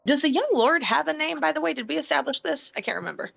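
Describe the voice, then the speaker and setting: A woman's voice: high-pitched, animated, fast, gravelly, fairly bright tone. A woman talking casually as a player in a tabletop game, chatty and full of fillers. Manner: chatty, lots of "like" fillers, laughs often. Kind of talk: tabletop role-play chat. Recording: slightly dull, lo-fi sound.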